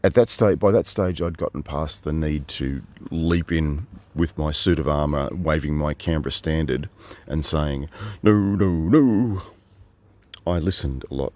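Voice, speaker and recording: A wry Australian man with an extremely deep, low voice spins a rambling traveller's yarn. He talks in a casual, meandering way, full of asides and self-corrections. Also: fairly even intonation, moderate pace, a little mellow. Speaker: travelling storyteller. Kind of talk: casual spoken monologue.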